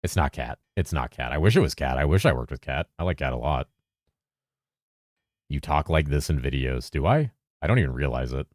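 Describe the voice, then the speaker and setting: A man with a very deep voice, chatting casually on a game stream, reading messages from chat aloud and answering them with casual swearing. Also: no room sound, clean studio sound. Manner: lively presenter inflection at times, drops into a flatter low voice at other times; talks fast to keep up with chat.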